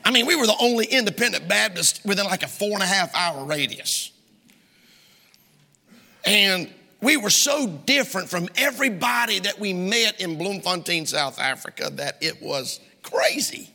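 A man with a Southern US accent preaching a sermon in a church, emphatic and pressing his points, sometimes rising to a shout. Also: sits high, animated, normal speed, gravelly. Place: church sanctuary. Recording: long hall reverb.

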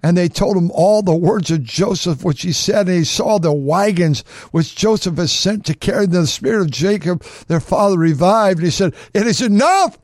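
A male preacher reads scripture aloud and stops to press its meaning on his listeners with fervor, repeating words as he builds. His voice sits high for a man. The sound is dry and close, with no room echo. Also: darkish tone. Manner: fervent, repeats words for emphasis. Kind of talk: sermon, reading scripture with commentary.

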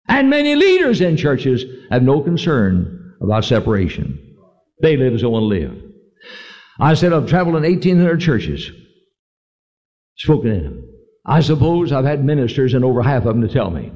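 A man's voice: fairly high pitch, big pitch swings, moderate pace, a little mellow. A man preaching a sermon, telling stories and rising to emphatic points, on a dull old recording with a long echo. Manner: preaching with swells of emphasis and storytelling.

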